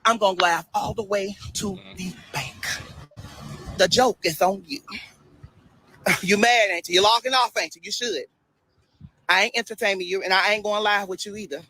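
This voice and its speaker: A man livestreaming a preachy monologue, loud and animated, sassy and dismissive toward his commenters. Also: high-pitched, normal speed, long pauses, poor audio. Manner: loud and animated, bursts into shouts and laughter.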